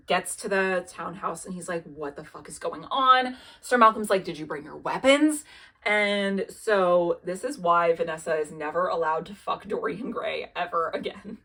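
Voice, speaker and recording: In her TV show recap video, a young woman talks in a fairly low, slightly bright voice. Her chatter is casual and full of swearing, "like," and "um," and she tosses off character quotes lightly.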